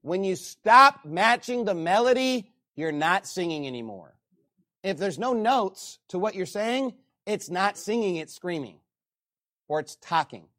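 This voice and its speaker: A male pastor delivers a sermon with an animated, preaching manner. His voice sits high and swings widely in pitch. He often reads scripture aloud between his points. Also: a little slow.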